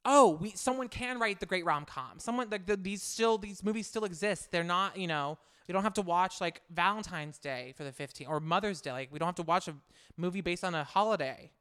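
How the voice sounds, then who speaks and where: A man's voice: sits high, a little fast, fairly bright tone, smooth. A man co-hosting a film podcast, chatting casually and enthusiastically in a rambling way. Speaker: podcast co-host. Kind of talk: casual chat.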